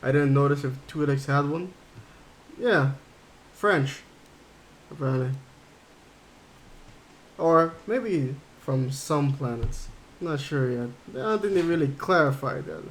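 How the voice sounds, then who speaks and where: A man's voice: a little high, lively intonation, slow pace, pauses often, slight background noise. A man livestreaming a game, chatting casually and rambling as he thinks aloud while reading chat. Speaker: game streamer.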